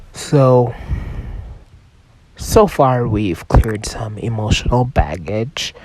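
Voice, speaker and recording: The recording is rough, with no room sound, capturing a man with a mid-range, darkish voice made rough by a cold. He hosts a solo self-help podcast, loose and chatty, cursing often and occasionally whispering.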